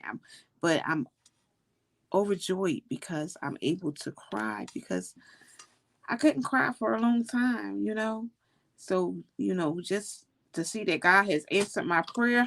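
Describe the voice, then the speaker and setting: A woman's voice: fairly low pitch, fairly bright tone, no room sound. A woman chatting casually from home on a livestream, rambling with many "you know"s and laughing often. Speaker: livestream host. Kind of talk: casual heartfelt livestream chat. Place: at home, indoors.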